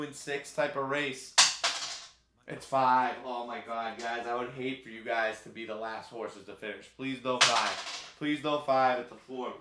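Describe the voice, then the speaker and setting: A man hosting a live stream, calling a race play-by-play with sudden loud outbursts and casual banter. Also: medium pitch, echoey room, very noisy. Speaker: stream host.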